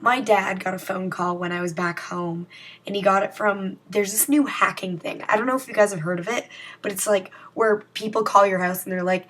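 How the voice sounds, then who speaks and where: A woman's voice: mid-range voice, steady tone, fairly quick, fairly bright tone. A young woman talking casually to her viewers in a rambling, self-mocking vlog. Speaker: vlogger. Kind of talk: casual vlog chat to camera.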